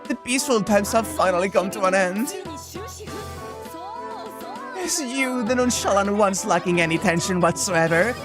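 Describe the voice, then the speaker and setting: A woman's voice: medium pitch, expressive, moderate pace, long pauses, music in the background, close to an everyday voice. A woman reading visual novel dialogue aloud and voicing a stern, boisterous female teacher with grandiose, theatrical proclamations.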